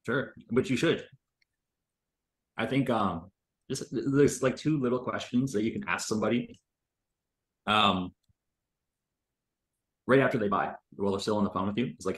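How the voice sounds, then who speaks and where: Man, lowish voice, casual sales call breakdown, loose chatty filler-heavy talk, roomy echo. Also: normal speed, long pauses. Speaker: sales coach reviewing a recorded sales call. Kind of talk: casual commentary.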